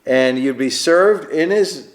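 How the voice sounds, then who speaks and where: A stand-up comedian from Queens, New York, speaks slowly in a slightly high voice while telling stories in a casual interview. He's an animated storyteller who acts out the voices of the people he quotes.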